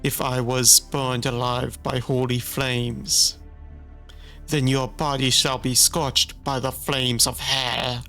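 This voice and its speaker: A cold, vengeful holy woman , read out by a man in a low, near-ordinary voice, mocking her enemies in slow, drawn-out sneers. The delivery stays unhurried, with faint music behind. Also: flat delivery, pushed and bright. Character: vengeful dark female saint, cruel and mocking.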